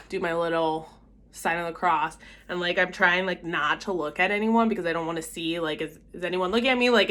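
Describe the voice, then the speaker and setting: Young woman, casual storyteller, filler-heavy and animated, mid-pitched voice. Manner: chatty, lots of filler "like", acts out quotes in whispers. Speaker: vlogger sharing a faith story.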